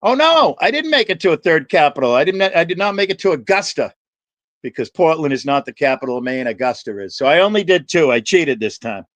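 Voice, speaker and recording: A man's voice: fairly high pitch, very animated, fairly quick, fairly bright tone, dry recording. A man hosting a livestream, chatting with viewers by name in a rambling, profane, jokey way. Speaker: livestream host.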